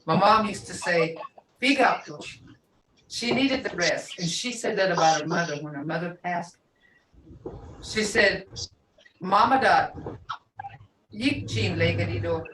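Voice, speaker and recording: An older woman teaching a language class, unhurried and reminiscing, often laughing as she talks. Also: fairly low pitch, fairly bright tone. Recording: echoey room, distant mic, faint noise.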